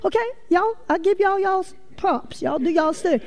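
Woman preacher, high voice, lively folksy storytelling, talks straight to the congregation. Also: moderate pace. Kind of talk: sermon.

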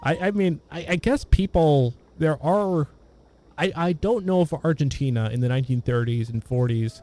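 A man chatting casually about old films, meandering and halting, often restarting his sentences. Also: a little high, warm tone. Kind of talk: casual film discussion.

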